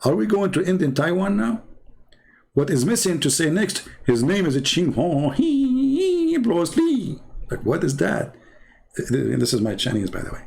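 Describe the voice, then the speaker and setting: Gravelly, husky man mocking while drawing. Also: on the high side, darkish tone. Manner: sarcastic, halting, many fillers and restarts. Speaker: commentator.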